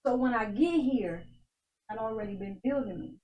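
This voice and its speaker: A woman's voice: fairly high pitch, animated, normal speed, mellow, poor audio. A woman who is a guest on a show, telling her personal faith testimony in an emphatic way, repeating phrases for stress and often laughing. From United States.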